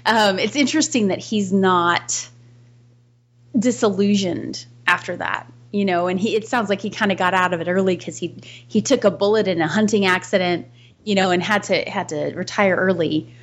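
A woman's voice: mid-range voice, moderate pace. A woman co-hosting a podcast in casual film discussion, thoughtful, restarting her sentences and laughing between points. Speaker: podcast co-host.

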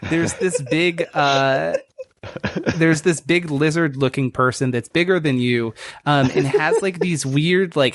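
A man's voice: medium pitch, a bit bright, no room sound. A man narrating as game master in a casual, meandering way, full of fillers. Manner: casual, filler-heavy, laughing asides.

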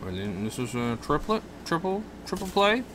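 A man's voice: fairly high pitch, very animated, normal speed, background noise. Joking man co-hosting a comedy podcast. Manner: rambling, jokey, laughs often. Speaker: podcast co-host. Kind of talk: casual comedy chat.

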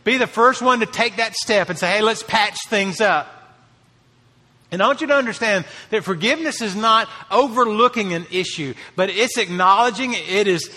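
Pastor guy preaching, high bright voice, earnest, lots of reverb around him. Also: a little fast, few pauses. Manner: earnest preaching, rising emphasis on key phrases. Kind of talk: sermon.

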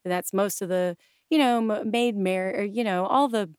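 Animated, chatty woman in a dry room. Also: mid-range voice, moderate pace, clean tone, dry recording. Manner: animated and chatty, with many restarts; acts out quoted voices. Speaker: guest, improv coach and stylist. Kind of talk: casual interview chat.

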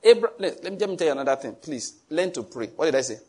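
A man's voice: a little high, lively intonation, rapid-fire, a little mellow. A man preaching a sermon emphatically and asking the congregation questions. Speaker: pastor.

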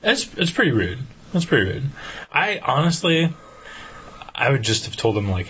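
A man's voice: mid-range voice, big pitch swings, normal speed, long pauses, a bit bright, husky. A man co-hosting a podcast who mostly agrees and adds short remarks in casual chat. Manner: agreeable, short backchannel replies. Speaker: podcast co-host.

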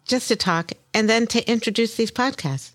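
An older woman hosting a podcast, bubbly and quick to laugh as she chats casually. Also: on the high side. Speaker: podcast host.

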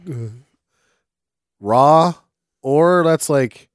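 A man's voice: on the high side, very slow, smooth, dry recording, clean studio sound. Sarcastic man joking about a movie. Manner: sarcastic, crude jokes, acts out scenes. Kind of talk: casual movie-riffing chat.

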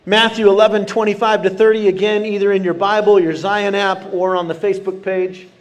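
A man preaches a sermon with a notably high voice. He keeps the congregation involved, calling out questions and asking for responses as he speaks from a church. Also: brisk. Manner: animated, engaging the congregation with questions. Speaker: pastor. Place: church sanctuary.

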